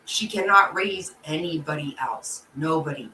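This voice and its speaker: A woman's voice: deep voice, a little slow, sharp tone. Blunt, swearing woman vlogger in a roomy echo. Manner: blunt, swears freely, emotional rants; talks to viewers and reads their comments. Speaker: channel host. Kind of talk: casual vlog commentary. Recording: roomy echo, distant from the mic, faint background noise.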